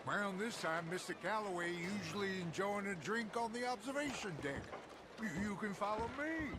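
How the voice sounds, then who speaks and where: Polite riverboat attendant, deferential, high voice, game noise. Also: male voice, animated, moderate pace. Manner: courteous, deferential. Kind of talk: video game voice acting.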